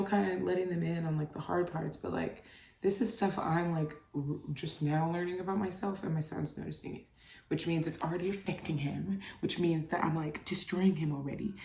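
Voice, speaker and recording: Low-voiced young woman rambling candidly. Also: steady tone, brisk, gravelly, darkish tone. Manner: candid, rambling, heavy on "like" fillers, swears freely. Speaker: podcast host, mother. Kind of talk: casual solo podcast monologue. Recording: roomy, voice distant from the mic.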